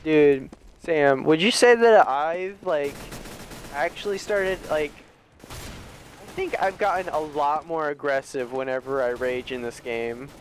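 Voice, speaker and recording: A man co-hosting a casual gaming podcast, telling animated stories while he plays. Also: fairly high pitch, slow, slight background noise. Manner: animated storyteller who acts out shouted quotes. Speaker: podcast co-host. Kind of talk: casual gaming chat over gameplay.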